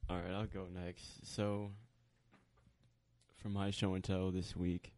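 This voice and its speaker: A young man co-hosting a podcast, talking in a laid-back, steady way. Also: deep voice, slow. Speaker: podcast co-host. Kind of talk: casual chat.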